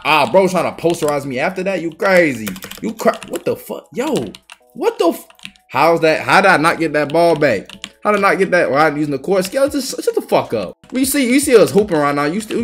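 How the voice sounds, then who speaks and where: A young man giving excitable, swearing gameplay commentary as a video host, trash talking the other players and breaking into yells. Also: high-pitched, slightly rough. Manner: excitable, swearing trash talk with bursts of yelling. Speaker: gaming YouTuber.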